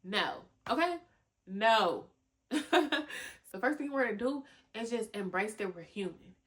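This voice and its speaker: A young woman hosting a podcast, giving animated motivational talk full of slang, cussing and laughter. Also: medium pitch, unhurried. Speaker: podcast host. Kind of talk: motivational casual talk to listeners.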